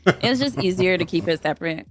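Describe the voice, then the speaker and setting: A woman's voice: fairly low pitch, lively intonation, fast talker, soft background music. A woman in her thirties, a podcast guest rambling through stories in casual chat. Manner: chatty, rambling storyteller.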